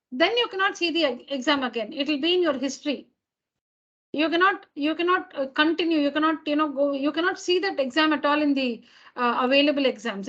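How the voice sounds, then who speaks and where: A woman's voice: high voice, a bit bright, muffled recording. A woman teacher talking to her students in an online class. She explains patiently, repeating and rephrasing each point. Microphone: computer mic on a video call.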